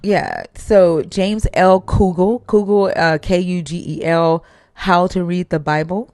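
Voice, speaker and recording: A woman hosting a livestream, chatting casually and telling stories in an animated way, swearing freely. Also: lowish voice, slow pace. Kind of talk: casual chat.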